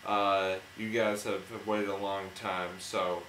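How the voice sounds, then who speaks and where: A man's voice: fairly low pitch, flat delivery, slow. A young man hosting a casual sports chat, upbeat, passing the floor and signing off the show. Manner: upbeat, signs off in a host's manner. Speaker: host. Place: indoor room. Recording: echoey room with faint noise.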